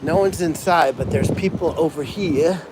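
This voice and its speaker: Heavy background noise surrounds a fairly high-pitched male voice speaking at normal speed. Alone and on the move outdoors, he looks after sanctuary animals in the pig pens, chatting to a live stream and calling to the pigs in a sing-song manner.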